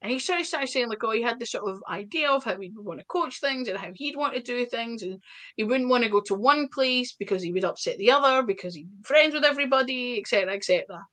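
Scottish woman, interview guest: chatty storyteller, quick asides. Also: on the high side, expressive, fairly bright tone. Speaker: wrestler guest.

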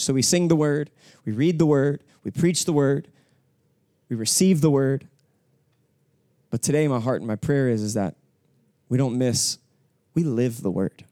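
A man preaching a sermon to a church crowd, his voice sitting at a medium pitch. He slips easily from offhand jokes and anecdotes into emphatic, earnest points. The sound is close and dry, with little room around it. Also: a little mellow, no room sound. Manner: conversational, joking storytelling with emphatic preaching. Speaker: pastor. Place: church hall with live congregation.

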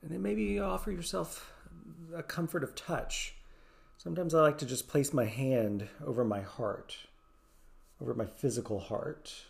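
A man who teaches yoga and meditation, leading a guided meditation in a soft-spoken, slow and gentle way with long pauses. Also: on the high side, creaky.

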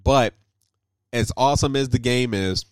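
A man co-hosting a casual gaming podcast, animated and laughing often, his voice jumping high when excited. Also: measured pace, clean tone, no echo. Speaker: podcast co-host.

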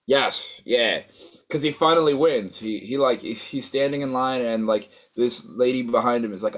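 A man's voice: mid-range voice, moderate pace. A man casually recapping a story, rambling with many fillers and acting out quoted lines. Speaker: co-host recapping a show. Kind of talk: casual chat.

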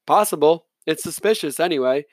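A worn-out young resident doctor, clipped and offhand, as a male reader acts him out, a little higher than the reader's usual voice. Dry, close sound. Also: lively intonation, a little fast, dry recording. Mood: curt. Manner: curt, muttering. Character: young tired male hospital resident, curt.

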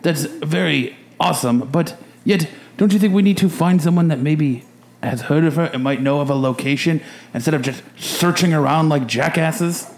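A man's voice: a little high, normal speed, vocal fry, darkish tone. A man playing a tabletop game, earnestly reasoning through the party's next step. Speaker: player. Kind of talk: casual tabletop game play.

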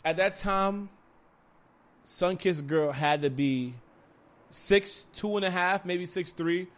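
A man telling a rowdy story in casual chat, animated and slangy, breaking into loud laughter at times. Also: high voice, slow.

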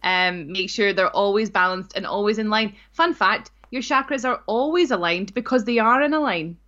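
A woman's voice: medium pitch, moderate pace, a bit bright, lo-fi sound. A woman co-hosting a casual podcast, chatting frankly and giggling often. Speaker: podcast co-host. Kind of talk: casual chat.

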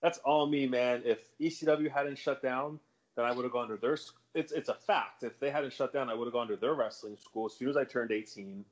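A man's voice: medium pitch, fairly quick, highs cut off. A man, a wrestler guest on a podcast, chatting casually in a rambling, profane way and laughing at himself. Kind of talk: casual chat.

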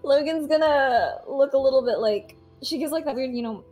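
A woman's voice: high voice, moderate pace, warm tone, faint music behind. A woman playing a tabletop game, rambling and giggling as she describes her character. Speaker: player. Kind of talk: casual tabletop game chat.

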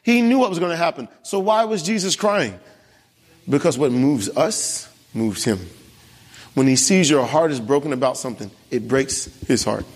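A man's voice: mid-range voice, lively intonation, moderate pace, slightly rough, in a large hall. A young man preaching a sermon, telling a family story and asking the congregation questions. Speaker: pastor. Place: church.

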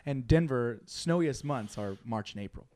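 A man telling a long story in casual chat, animated, laughing often and acting out his friends' lines. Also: mid-range voice, moderate pace.

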